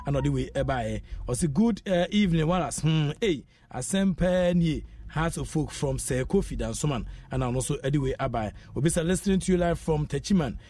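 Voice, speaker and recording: In a radio studio, a Ghanaian-accented male host of a sports program chats through listener messages, sprinkling in local phrases. He sounds a little high and a little mellow.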